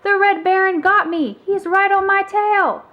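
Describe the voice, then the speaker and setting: A woman's voice: very high-pitched, steady tone, unhurried, highs cut off, voice pushed up. A woman doing Snoopy, a melodramatic flying-ace dog. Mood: dramatic. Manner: dramatic, heroic exclamations. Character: male cartoon dog dreaming he's a heroic war pilot. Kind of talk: children's storybook read-aloud.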